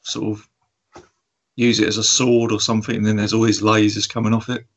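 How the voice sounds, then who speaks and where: A man's voice: on the low side, level tone, fairly quick. A man co-hosting a film review podcast, talking casually and rambling with lots of ums. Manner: rambling, hesitant, many ums and laughs. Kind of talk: casual chat.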